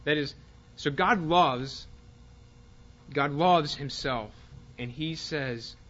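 A man teaching a Bible class, speaking haltingly with fillers and restarts and reading passages aloud with more force. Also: on the high side, fairly bright tone, lo-fi sound.

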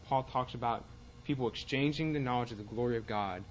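A man teaching a Bible class, speaking haltingly with fillers and restarts and reading passages aloud with more force. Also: mid-range voice, lo-fi sound, soft background music.

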